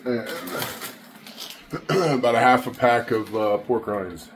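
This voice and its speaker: A man's voice: mid-range voice, steady tone, moderate pace. A man filming a casual fitness vlog in his home gym, full of profane, pumped-up self-talk and panting between sets. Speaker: fitness vlogger. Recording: echoey room with faint background hum.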